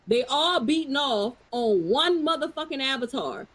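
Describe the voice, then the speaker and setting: A woman's voice: high voice, lively intonation, normal speed, few pauses, a bit bright, poor audio. A woman on a live stream panel in heated, profane casual chat.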